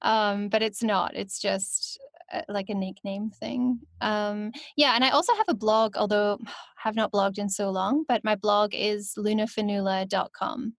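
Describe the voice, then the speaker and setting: A young woman with a Scottish accent chats easily as a guest, her voice sitting at a middle pitch. She laughs often and fills her pauses with "um" and "like", and her voice sounds close and dry. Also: gravelly, no echo. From Scotland. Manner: chatty, giggly, full of fillers. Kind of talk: casual interview chat.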